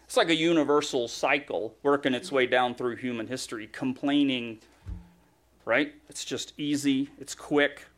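A man's voice: medium pitch, normal speed, a bit bright. A male pastor preaching a sermon in a conversational, humorous way, acting out grumbling voices.

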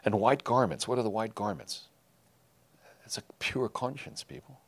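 A man preaching a sermon to his congregation, emphatic, rising loud and falling quiet. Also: mid-range voice, normal speed, vocal fry. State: tearful while reading scripture. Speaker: pastor.

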